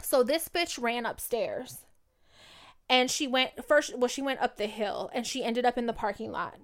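Animated, profane young woman storyteller. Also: fairly high pitch, normal speed. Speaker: podcast co-host. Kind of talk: casual storytelling chat.

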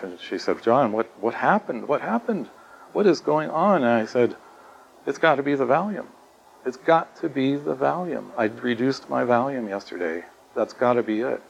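A middle-aged man recounts his own experience in a low, earnest voice. He halts often, with fillers and restarts. The recording is dull and lo-fi, with a faint hiss underneath. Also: vocal fry. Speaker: guest telling his story. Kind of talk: personal testimony. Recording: dull lo-fi sound with faint noise.

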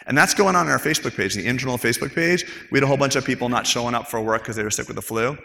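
A man's voice: mid-range voice, racing, creaky, hardly any pauses, pushed and bright. A man speaking casually on a panel as a dental practice owner, telling stories and acting out coworkers' quotes with animation. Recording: long hall reverb.

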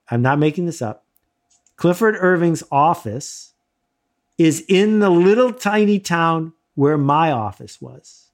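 A middle-aged man from the United States telling a self-deprecating personal story in a casual, animated way, laughing often. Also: on the high side. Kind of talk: casual anecdote, conversational storytelling.

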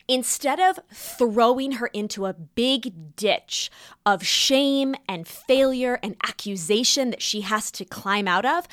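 A woman talking casually to her listeners about giving feedback, animated and laughing often as she acts out little quotes. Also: medium pitch, no room sound, studio quality. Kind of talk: casual advice talk.

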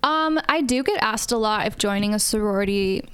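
A woman's voice: mid-range voice, lively intonation, a little fast, fairly bright tone, smooth, no echo. A woman co-hosting a podcast in casual chat. She is chatty and giggly, and sometimes trips over words. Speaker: podcast co-host.

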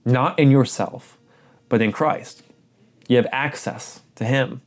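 A man's voice: medium pitch, slow. A man preaching a sermon, earnest and urgent, repeating phrases for emphasis.

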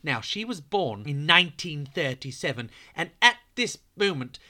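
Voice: medium pitch, sing-song, moderate pace, sharp tone. Playful children's storyteller. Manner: playful, talks straight to young listeners. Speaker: children's podcast host.

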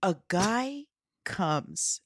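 A woman guest comedian tells a story with a lively, swooping pitch. She acts out the other people in the story. Her voice sounds close and dry. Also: extremely slow, no room sound.

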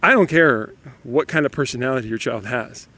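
A man in his thirties or forties, a father telling parenting stories in a casual, animated monologue and laughing often. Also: medium pitch, fairly quick.

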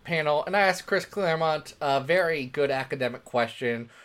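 A man's voice: on the high side, moderate pace, clear, resonant tone. A man co-hosting a casual comics podcast, joking around and slipping into mock accents. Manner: jokey, animated, mock accents. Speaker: podcast co-host.

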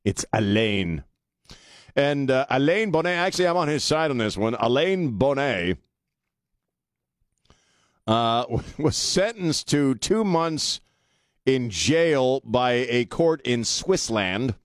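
A man's voice: mid-range voice, expressive, slow, no echo, studio quality. A man hosting a talk radio show, delivering a blunt, sarcastic monologue and laughing often. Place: radio studio. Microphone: studio microphone.

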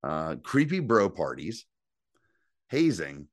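A man's voice: low-pitched, sing-song, takes it slowly, no room sound, clean studio sound. A man co-hosting a podcast, recapping a TV episode in casual, rambling chat and acting out characters' lines. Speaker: podcast co-host.

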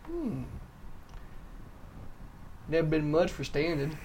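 A man playing a meek, slow-witted young man who rambles haltingly in an improvised role-play. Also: a little high, sing-song, a little mellow, slight background noise.

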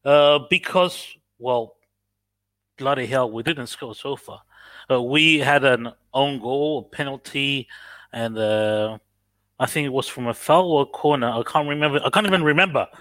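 A man's voice: medium pitch, moderate pace, fairly bright tone, dry recording. A man from Cyprus with a mixed Australian, American and British accent, calling into a casual football chat and speaking hesitantly with many fillers. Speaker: guest caller.

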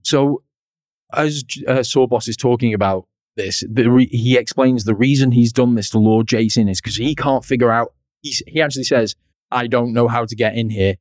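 A man's voice: mid-range voice, normal speed, a little mellow, dry recording. Chatty male podcast co-host, dry sound. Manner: chatty storyteller, laughs at his own jokes. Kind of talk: casual chat recapping a cartoon episode.

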